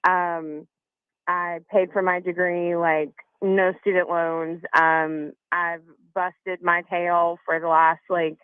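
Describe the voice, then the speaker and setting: A woman caller telling her personal story on a talk show, halting with frequent pauses. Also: lowish voice, flat delivery, clear, resonant tone, no echo. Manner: soft-spoken, halting, with many fillers. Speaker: caller receiving a reading. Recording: tinny phone line, dry.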